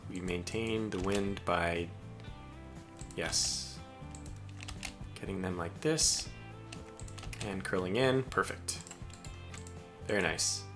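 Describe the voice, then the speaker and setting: An American man casually commentating his own live strategy game stream, chatty and chuckling as he barks orders at his ships. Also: lowish voice. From United States.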